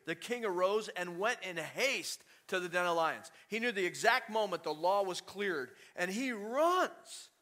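Animated male preacher, chatty sermon delivery; bright, fairly high voice. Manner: animated, conversational, rhetorical questions.

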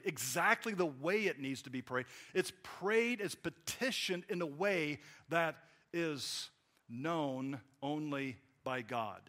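A man preaching a sermon in a conversational way, acting out little quotes and swinging between loud emphasis and quiet asides. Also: fairly high pitch. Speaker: pastor.

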